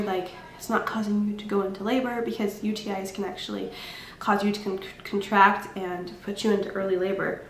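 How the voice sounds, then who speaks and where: A woman's voice: medium pitch, reverberant, slight background noise. A tired young woman vlogging casually at home, chatty and candid, with frequent ums and laughs. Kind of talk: casual pregnancy vlog. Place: home room.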